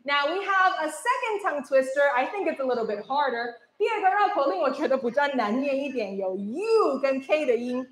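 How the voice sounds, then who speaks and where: In a school hall full of chattering children, a young visiting radio presenter runs tongue twisters with cheerful encouragement and frequent laughter. Her high voice is sing-song and brisk, with few pauses, and the room echoes.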